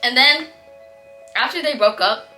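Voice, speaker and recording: A young woman casually telling a story, chatty and animated, acting out what classmates said in playful voices. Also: high voice, measured pace. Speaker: vlogger. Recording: faint background music.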